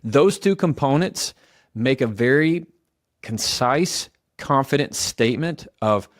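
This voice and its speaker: A man's voice: mid-range voice, lively intonation, slow, no room sound, studio quality. A man giving earnest communication advice, coaching the listener and acting out example phrases. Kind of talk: advice talk to camera.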